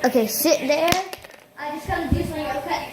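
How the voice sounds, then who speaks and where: A woman hosting a playful pet vlog, excitable and giggly, talking into a headset microphone and breaking into shrieks. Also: high voice, fast talker, very noisy. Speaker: channel host.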